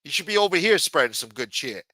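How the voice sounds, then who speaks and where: A man co-hosting a livestream speaks fast in a high-ish, sing-song voice that is bright and forceful. In a rough recording with no echo, he launches into a heated, profanity-laden rant, berating a viewer.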